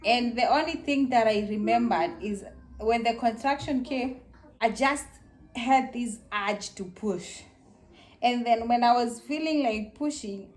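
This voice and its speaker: A woman's voice: fairly high pitch, a little slow. A young woman casually telling viewers her birth story, acting out her screams and the voices of others. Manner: animated, acts out her screams and quotes.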